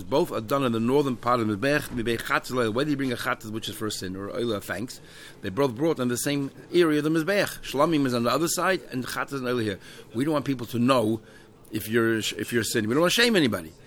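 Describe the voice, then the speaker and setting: A man's voice: mid-range voice, expressive, fast, fairly bright tone, a little hiss or hum. Man, Talmud teacher, reads then translates, chatty, fillers. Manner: reads Aramaic phrases then translates them, with many fillers. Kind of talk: explaining a Talmud page.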